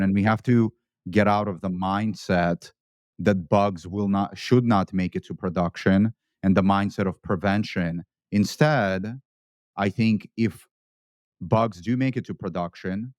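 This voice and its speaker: A man's voice: sits low, a little mellow, no echo. A man co-hosting a panel discussion, arguing a point with firm opinions.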